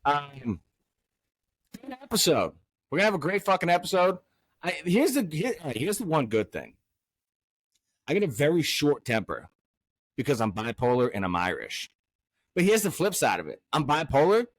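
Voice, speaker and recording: Animated, profane male podcast host. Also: on the high side, normal speed, pauses often, no room sound. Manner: profane, loud, swings from angry ranting to hyped cheer. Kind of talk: casual podcast chat.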